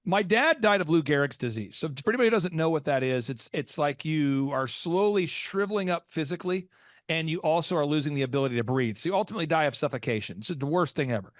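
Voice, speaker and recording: An American man hosts a business podcast with a fairly high, animated voice. He tells stories at speed, rises into excited squeaks for his own reactions, and sounds dry and close to the mic. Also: fast talker, no room sound. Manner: lively, jumps into high excited voices when acting out reactions. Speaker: podcast host.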